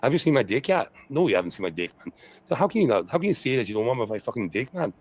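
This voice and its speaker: A streamer's replayed clip captures him ranting very fast in a mid-range voice with big pitch swings. He's profane and repetitive, full of fillers and endless "okay"s, and the audio is poor.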